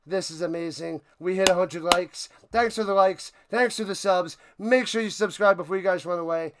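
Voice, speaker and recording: A man hosting a live-stream watch party, excitedly calling a football finish, hoarse and out of breath as he loses his voice. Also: high-pitched, normal speed, background noise. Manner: hyped, shouting, repeats phrases.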